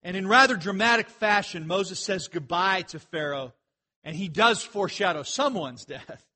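A man preaching a sermon, telling jokey stories and breaking into animated outbursts. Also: high-pitched, moderate pace. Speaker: pastor.

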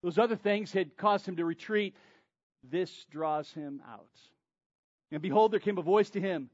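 High-voiced preacher, dramatic hushes. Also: male voice, normal speed, dry recording, dull audio. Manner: dramatic, swings from loud to near-whisper. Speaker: pastor. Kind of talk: sermon.

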